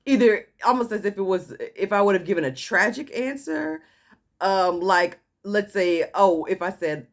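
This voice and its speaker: Speaking at a normal pace in a mid-range voice, this woman vlogger relaxes into a personal anecdote. She laughs as she goes and animatedly performs the quotes of others.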